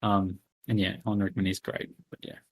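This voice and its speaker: A man's voice: deep voice, level tone, fairly quick, slightly rough. A man co-hosting a casual film podcast, talking hesitantly and often trailing off with "I don't know". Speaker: podcast co-host.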